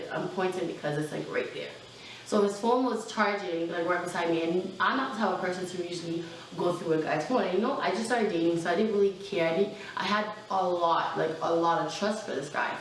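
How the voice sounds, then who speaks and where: A young adult woman telling a personal storytime in a casual, animated way, full of fillers and asides. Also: fairly low pitch, brisk, far from the mic, slight background noise. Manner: chatty, animated, lots of fillers. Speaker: vlogger. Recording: very echoey room, mic set back.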